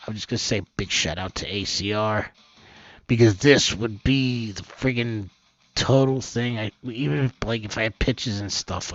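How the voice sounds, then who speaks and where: A man rambling through the day's news in an off-the-cuff way, his voice gravelly and full of swings in pitch, jumping from loud outbursts to low mutters. The recording is dull and lo-fi, with a dry sound. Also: no echo. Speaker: host of an amateur news channel.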